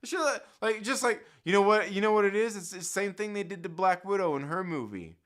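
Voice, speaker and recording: A man's voice: high-pitched, lively intonation, fairly quick, a bit bright. A man hosting a live stream, chatting casually with his viewers and reading their comments aloud, with slangy, profane jokes. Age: adult with children. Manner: slangy, profane and joking, laughs often.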